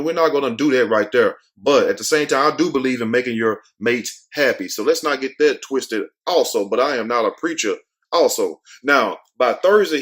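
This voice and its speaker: A man hosting a casual commentary show, reading news items aloud and riffing on them in a blunt, slangy, animated way. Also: medium pitch. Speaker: host.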